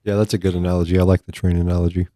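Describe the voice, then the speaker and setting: A man's voice: sits low, level tone, very fast, warm tone, dry recording. A man in a casual podcast discussion, chiming in with playful joking asides.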